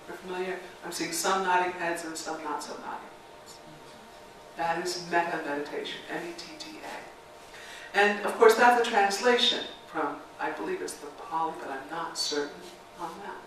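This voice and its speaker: A woman's voice: fairly low pitch, moderate pace. A woman minister delivers a reflective sermon and guides a call-and-response meditation. Her voice rings through a very echoey sanctuary, picked up from a distance with a faint background hiss. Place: church sanctuary. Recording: very echoey sanctuary, mic far off.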